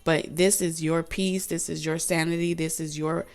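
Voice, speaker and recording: A woman giving a tarot reading straight to the viewer, blunt and animated, with slang and the odd swear word. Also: sits low, moderate pace. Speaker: tarot reader. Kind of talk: direct-to-camera tarot reading.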